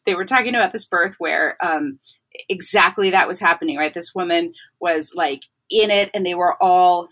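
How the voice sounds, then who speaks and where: A woman with a slightly low voice hosts a podcast in casual conversation. She tells stories in a quick, emphatic, animated way. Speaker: podcast host. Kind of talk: casual chat.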